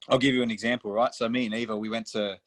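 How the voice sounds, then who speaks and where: A man's voice: medium pitch, little pitch movement, racing, a bit bright, no room sound. A young man from Australia, a footballer guest on a podcast, telling stories casually, swearing freely and calling the host mate. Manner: swears freely, storytelling, says mate often.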